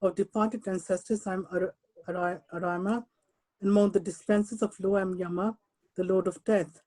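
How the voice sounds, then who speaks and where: A woman reads scripture translations aloud to a group over a computer call. Her voice is warm and mellow, her delivery measured and careful, and she sometimes trips over long names. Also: medium pitch, steady tone, low-quality recording. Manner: slow, careful reading with stumbles and apologies. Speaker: reader of English translation. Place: someone else's home, on an unfamiliar computer.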